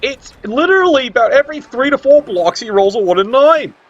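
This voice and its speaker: Man, game commentary, sarcastic, excitable, high voice, muffled recording. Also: brisk. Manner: sarcastic, excitable, swears often. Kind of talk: tabletop video game commentary.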